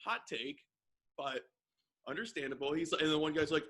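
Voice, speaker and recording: Bright-voiced young man telling a story. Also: a little high, moderate pace. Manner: animated storyteller, mimics people in skits. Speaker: podcast co-host. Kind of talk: casual podcast chat.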